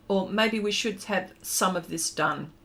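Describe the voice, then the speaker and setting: A woman hosting an art livestream, chatting warmly and casually with viewers while she draws, with plenty of ums and heartfelt asides. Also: mid-range voice, a little slow. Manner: chatty and heartfelt, many ums, reads out chat comments.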